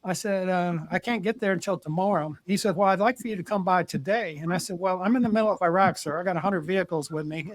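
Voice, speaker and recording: An older man recounts his army days in a casual, plainspoken way, often repeating words as he restarts a sentence. His voice sits fairly high for a man. The sound is close and dry, with no room echo. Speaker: retired army general, podcast guest. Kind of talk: casual storytelling interview.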